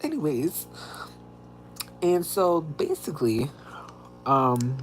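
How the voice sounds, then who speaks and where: A livestream host telling a story in an animated, dramatic way, with sudden squeaky high exclamations. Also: male voice, slow, a little hiss or hum. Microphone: streaming setup.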